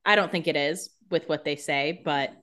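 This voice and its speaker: A woman's voice: low-pitched, moderate pace, fairly bright tone. A woman co-hosting a casual podcast, joking, swearing freely and acting out exasperated reactions. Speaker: podcast co-host. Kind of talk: casual chat.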